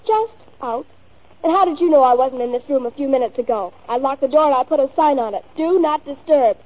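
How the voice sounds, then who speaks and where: A woman's voice: high-pitched, expressive, fairly quick. An actress playing a lonely, imaginative fifteen-year-old girl who is dreamy and precocious, in an old film. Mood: defiant. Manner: dreamy and precocious, pert when cornered. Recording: tinny lo-fi old film soundtrack, faint music.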